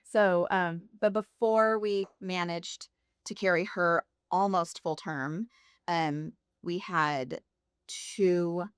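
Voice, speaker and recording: Woman telling her faith story, low voice. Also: steady tone, takes it slowly, clear, resonant tone, no room sound, clean studio sound. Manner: candid storytelling, laughs often. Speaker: podcast guest. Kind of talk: personal faith testimony.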